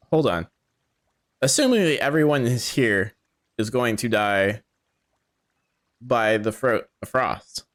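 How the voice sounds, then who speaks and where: Joking gaming streamer. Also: male voice, medium pitch, fairly bright tone. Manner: joking, swears casually. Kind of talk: casual let's-play commentary.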